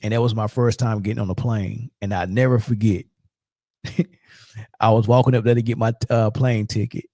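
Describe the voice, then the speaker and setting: A man's voice: fairly low pitch, fairly even intonation, moderate pace, dark tone, no echo, studio quality. A man in his forties hosting a sports show, talking loose and slangy in a rambling, storytelling way. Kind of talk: casual sports talk.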